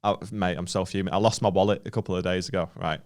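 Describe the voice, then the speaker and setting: A man from the north of England, co-hosting a comedy podcast, telling an animated, sweary story in casual chat. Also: deep voice, quick pace. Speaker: podcast co-host.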